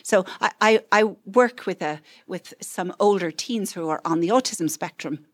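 A woman's voice: medium pitch, normal speed, no echo. A woman counselor giving a parenting talk, telling stories and acting out what parents and children say, with frequent "right?" asides.

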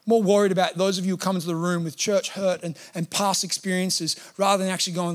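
A man's voice: high voice, fast, hardly any pauses. A man preaching a sermon in a church, talking earnestly and conversationally and acting out quotes. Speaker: pastor. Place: church hall.

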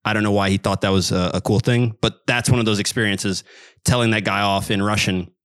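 Man telling a story, low dry voice. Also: brisk, dry recording. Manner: animated, laughs while telling stories. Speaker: podcast guest. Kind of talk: casual storytelling. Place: home room in Sweden.

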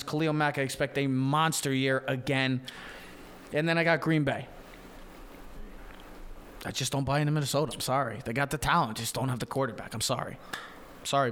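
A man's voice: medium pitch, steady tone, fairly bright tone, slight background noise. A man co-hosting a sports show, giving opinionated picks in a casual debate. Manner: opinionated, talks in quick runs of names and picks.

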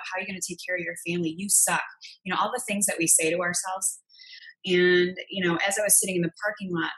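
Low, even-toned woman telling her story. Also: poor audio. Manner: earnest, open and confessional. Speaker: interview guest. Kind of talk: candid personal storytelling.

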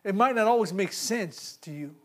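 A man preaching a sermon, swinging from loud, animated calls to hushed asides and laughing between points. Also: high-pitched, normal speed.

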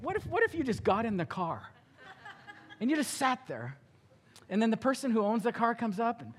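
A male pastor preaching a sermon, telling the story with animated acting-out of characters. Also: very high-pitched, a little fast, in a large hall, a little hiss or hum.

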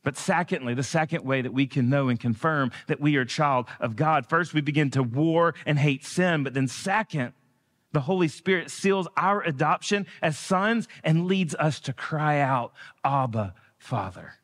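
A man preaching a sermon in a church, earnest and building to emphatic peaks, slowing down on key phrases. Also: on the high side, a bit bright, in a large hall. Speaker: guest preacher. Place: church sanctuary.

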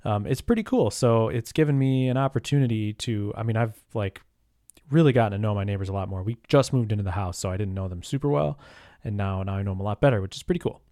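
A man's voice: fairly low pitch, fast, warm tone, no echo, studio quality. A man hosting a podcast on his own, talking in a rambling, casual way with lots of fillers, restarts and mild swearing. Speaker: podcast host. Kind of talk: casual solo podcast monologue.

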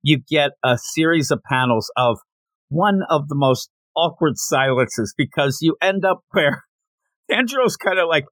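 A man's voice: fairly high pitch, lively intonation, a little slow, fairly bright tone, dry recording. A man hosting a casual podcast, recapping a comic chapter in a chatty, slangy way and reading characters' lines aloud. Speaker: podcast host.

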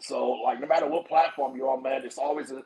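A man chatting casually as a podcast guest, animated and swearing freely. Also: mid-range voice, quick pace, creaky, poor audio. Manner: animated, swears casually, acts out quoted voices. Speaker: podcast guest, snake breeder. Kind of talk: casual chat.

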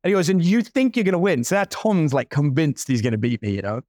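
A man's voice: on the high side, big pitch swings, quick pace, darkish tone, no echo, studio quality. A man in his forties telling a story in casual talk, playing out the other people's lines as he goes. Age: 40s. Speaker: guest entrepreneur.

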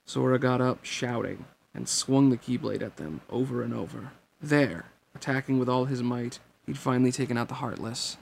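A man's voice: medium pitch, normal speed, gravelly, a little hiss or hum. A man narrating a novel chapter as an amateur audiobook reading, in plain storytelling. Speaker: reader.

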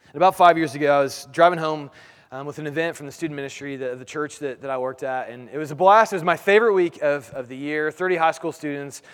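A man in his thirties preaches a sermon, a pastor talking to his church in a conversational style and posing rhetorical questions. His voice sits a little higher than most men's. A long reverb trails behind him, as in a church sanctuary. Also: fairly even intonation, quick pace, clear, resonant tone.

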